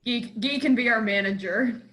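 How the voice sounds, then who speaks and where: A woman chatting on a casual podcast, with a voice pitched a bit above average. She rambles along with plenty of fillers in a loose, friendly way. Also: moderate pace, a bit bright. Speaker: podcast guest and tabletop player.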